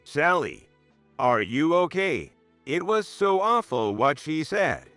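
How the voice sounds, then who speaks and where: A man voicing a caring young doctor who gently checks on his fiancée, in a storybook narration. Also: on the high side, big pitch swings, takes it slowly, clear, resonant tone, no room sound, faint music behind, full character voice. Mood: concerned. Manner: concerned and gentle.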